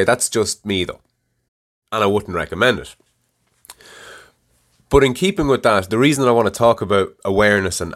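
A middle-aged man hosting a podcast, telling a story in a casual, profane and animated way. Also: fairly low pitch. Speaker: podcast host. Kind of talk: casual monologue.

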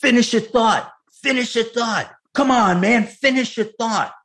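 Guy impersonating a pushy older star actor, way up high, loud, pressing hard. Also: a little slow, exaggerated voice. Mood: insistent. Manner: urgent, pushy repeating. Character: gruff older male star actor, impatient.

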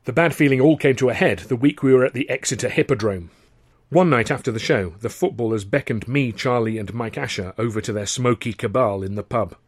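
Man, author reading his novel, wry, measured, dry close sound. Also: mid-range voice, dry recording. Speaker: author and narrator. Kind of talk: scripted audiobook narration.

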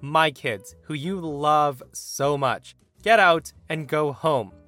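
A man voicing a big, angry adult son who speaks sternly and loudly in a narrated story. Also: takes it slowly, faint music behind. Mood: furious. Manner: stern, rumbling, loud.

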